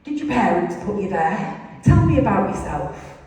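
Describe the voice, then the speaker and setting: A woman's voice: mid-range voice, very animated, moderate pace, a little mellow, natural voice. Woman doing a nosy shrink guy asking question after question, echoey room. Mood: prying. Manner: probing questions, coaxing. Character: prying male psychiatrist. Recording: echoey hall, distant mic.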